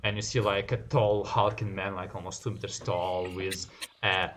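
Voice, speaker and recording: A man's voice: sits low, level tone, normal speed, fairly bright tone. A man narrating a tabletop role-playing game as game master, in a playful way.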